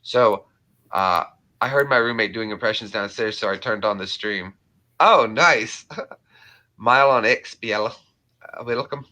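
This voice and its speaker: A man's voice: fairly low pitch, unhurried, bright, forceful tone, low-quality recording. A playful young man hosting a casual live stream, rambling between voice impressions.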